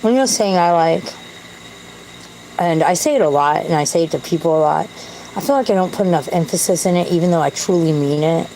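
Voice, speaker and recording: Low voiced woman rambling about herself, candid and self-deprecating, a little hiss behind. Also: brisk, warm tone, poor audio. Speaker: vlogger. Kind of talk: casual rambling monologue.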